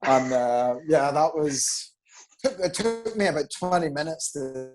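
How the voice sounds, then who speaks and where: A man, a guest on a video call, telling animated anecdotes and acting out quoted lines. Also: fairly high pitch, measured pace, faint music behind, poor audio. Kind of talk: casual storytelling.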